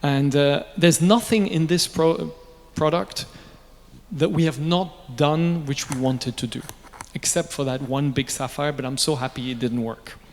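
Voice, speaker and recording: A man's voice: on the high side, a little slow. Storytelling man in a reverberant hall. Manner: lively, jokey, with asides and laughs. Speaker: watch brand founder speaking at a press conference. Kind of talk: anecdotal storytelling. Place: event venue. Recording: long reverb in a large space.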